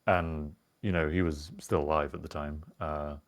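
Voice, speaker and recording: A young British man co-hosts a casual podcast, rambling and reflective, with an occasional swear. His voice is very deep, his intonation fairly even, and his pace moderate.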